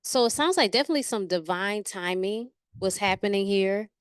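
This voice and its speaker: A woman hosts a casual interview in a smooth, clear voice. She keeps affirming her guest with enthusiasm. The sound is close and dry. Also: mid-range voice, animated, normal speed, no echo. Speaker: interview host.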